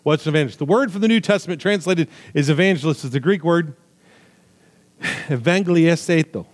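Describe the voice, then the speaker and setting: A man preaching a sermon with emphatic, swinging delivery, loud high stresses falling to quiet low asides, with jokey remarks. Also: very fast. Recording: long hall reverb.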